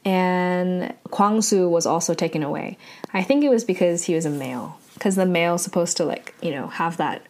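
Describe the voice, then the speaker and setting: A woman casually recapping a drama episode, talking in a loose, chatty way, full of "like" fillers and quick self-corrections. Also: fairly low pitch, a little mellow.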